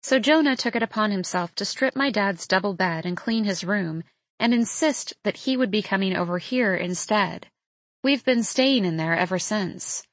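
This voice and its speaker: A woman narrating a novel in the first person, in a soft, measured storytelling manner. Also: medium pitch, dry recording. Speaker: audiobook narrator.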